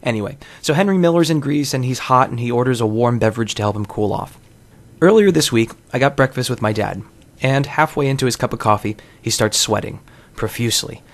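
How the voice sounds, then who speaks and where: A man hosting a podcast, reading wordy, wry essays in a deadpan way. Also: mid-range voice, a little fast. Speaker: podcast host. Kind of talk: scripted essay narration.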